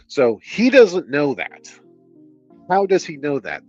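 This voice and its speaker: A man's voice: mid-range voice, lively intonation, moderate pace. A man streaming himself reading a novel aloud, breaking off into exasperated, sardonic commentary full of swearing. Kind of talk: book reading with casual commentary. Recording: dull lo-fi audio, faint music.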